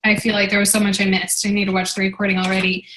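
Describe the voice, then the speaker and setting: Woman host, 30s, casual rambling chatter, bright tone, video call. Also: medium pitch, monotone, rapid-fire, slight background noise, rough recording. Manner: rambling, with many fillers. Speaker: team leader and host.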